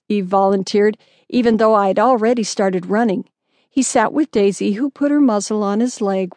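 A woman narrating a children's audiobook in the first person, voicing the cries of the young narrator with louder, higher lines. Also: no echo.

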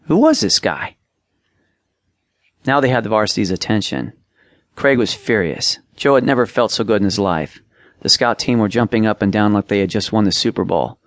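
A man narrating an audiobook, reading plainly and raising his voice for shouted lines. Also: lowish voice, brisk, no echo, clean studio sound. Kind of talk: scripted narration.

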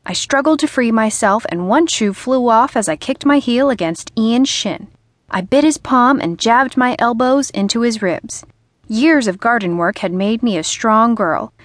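A woman narrating a humorous novel in the first person, with a lively storytelling manner, recorded on a studio microphone. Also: fairly high pitch, no room sound. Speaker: audiobook narrator.

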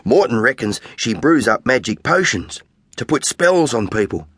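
A man's voice: mid-range voice, big pitch swings, moderate pace, a bit bright, husky, no room sound. A man voicing an eager, gossipy young schoolgirl skateboarder in an audiobook. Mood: excited.

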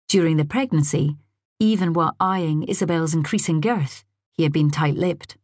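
A woman with a low, slightly husky voice reads a novel in a measured, drily wry storytelling manner. She sits close to a studio mic in a dry booth with no room sound around her. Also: darkish tone, no room sound. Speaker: audiobook narrator. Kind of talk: scripted narration.

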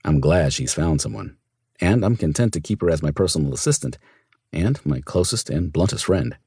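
Deep husky male audiobook narrator. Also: expressive, normal speed, darkish tone, no room sound, clean studio sound. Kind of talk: first-person audiobook narration.

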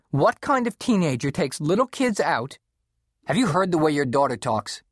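A man voicing a stern middle-aged mother in an audiobook, with a sharp, accusing manner. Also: a little high, no room sound, clean studio sound, pitched above the performer's own voice, close to an everyday voice.

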